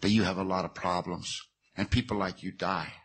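A man quoting a blunt, kindly old sponsor in a plain, steady way. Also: sits low, brisk, breathy edge, full character voice. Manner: plain, steady, matter-of-fact.

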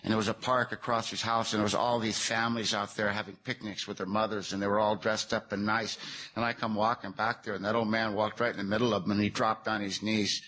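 Husky, earnest man sharing his story. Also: on the low side, level tone, fast, pushed and bright. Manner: earnest and plainspoken, with folksy phrasing. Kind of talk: personal testimony.

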